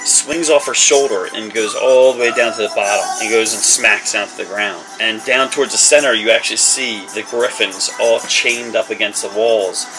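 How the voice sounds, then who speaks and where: A man's voice: lowish voice, steady tone, normal speed, few pauses, over music, rough recording. A man narrating a tabletop game as game master, rambling through descriptions with fillers and restarts.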